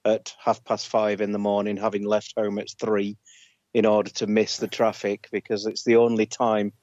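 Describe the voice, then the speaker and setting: A man's voice: on the low side, monotone, moderate pace, a little mellow, dry recording, highs cut off. A man co-hosting a casual gaming podcast, telling a dry, grumbling story about his week. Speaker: podcast co-host.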